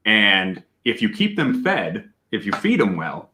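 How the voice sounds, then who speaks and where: A man hosting a casual whiskey tasting livestream, talking loudly, greeting viewers and laughing often. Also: fairly low pitch, unhurried. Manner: loud and animated, laughs often. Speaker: host of a whiskey tasting stream.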